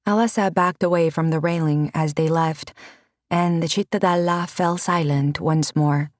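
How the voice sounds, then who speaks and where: A woman reading a fantasy audiobook in measured scripted narration. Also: low-pitched, steady tone, no room sound. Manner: measured, unhurried.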